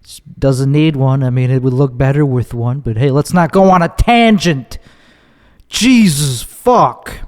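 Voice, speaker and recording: A man's voice: mid-range voice, moderate pace, darkish tone, smooth. Man, solo podcast rant, crude and sardonic, stop-start delivery, lingering reverb. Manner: rambling, profane, sardonic, self-interrupting. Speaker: podcast host. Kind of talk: solo comedic monologue.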